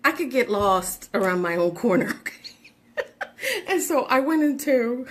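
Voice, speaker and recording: A woman's voice: high-pitched, lively intonation, normal speed, a bit bright. Bubbly, giggly woman host. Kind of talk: casual chat.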